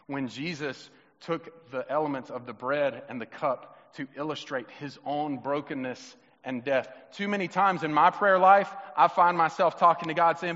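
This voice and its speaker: Bright, fairly high-pitched male pastor delivering a sermon in a church whose long reverb rings after each phrase. He moves between loud, emphatic questions and quiet, hushed reflection, and he acts out the voices he quotes. The recording sounds a little muffled. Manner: acts out quoted voices of Jesus, children and himself. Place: church sanctuary.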